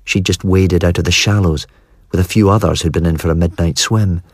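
Audiobook reader, man, very deep voice, dry close sound, wry and measured. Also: steady tone, no echo. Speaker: audiobook narrator. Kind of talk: first-person audiobook narration.

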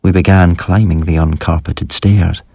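Low, husky male storyteller. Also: fairly even intonation, warm tone, no room sound, studio quality. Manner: measured, dramatic storytelling. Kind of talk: scripted horror story narration.

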